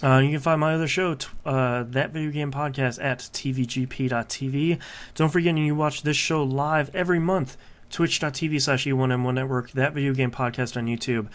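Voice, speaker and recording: A man hosting a video game podcast in casual chat, relaxed and chatty, with lots of "uh" fillers as he talks. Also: mid-range voice, a little fast. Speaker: podcast host.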